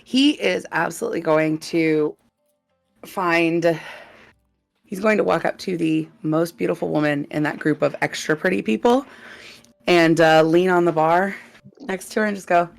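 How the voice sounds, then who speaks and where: A woman playing her character in a tabletop game, playful and quick to laugh. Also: deep voice, gravelly. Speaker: player.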